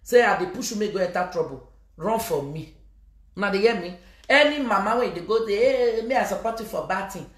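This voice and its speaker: Scolding Nigerian woman, roomy echo. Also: mid-range voice. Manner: scolding, emphatic outbursts, switches into Pidgin. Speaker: social media personality addressing fans. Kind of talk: ranting vlog message.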